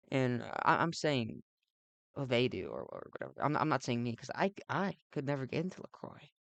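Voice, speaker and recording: Gravelly young man rambling over gameplay. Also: medium pitch, very animated, moderate pace, no room sound. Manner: meandering, ironic, sweary, lots of fillers. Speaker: let's play host.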